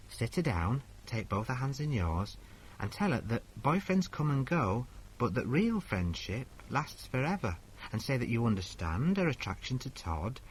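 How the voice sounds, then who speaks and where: A man's voice: mid-range voice, a little hiss or hum, lightly acted, low-quality recording. A man playing a crude, brassy woman agony aunt who reads out letters and answers them bluntly in a comedy sketch. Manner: blunt, bawdy, mock-sincere.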